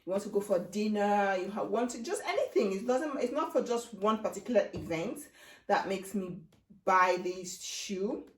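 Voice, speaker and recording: A woman in her thirties chatting excitedly and rambling in a casual try-on haul vlog at home. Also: medium pitch, moderate pace. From Netherlands. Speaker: beauty vlogger. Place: home room. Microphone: camera set down, handheld mic removed.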